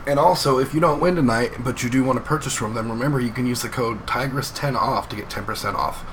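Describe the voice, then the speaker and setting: A man's voice: mid-range voice, fast, fairly bright tone. Laid-back man co-host, noisy line. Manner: laid-back, brief replies. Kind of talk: casual live-stream hosting.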